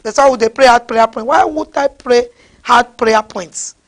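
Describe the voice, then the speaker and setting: High-voiced Nigerian woman preaching fiercely. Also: a little slow. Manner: scolding, repeated rhetorical questions. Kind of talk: fiery sermon.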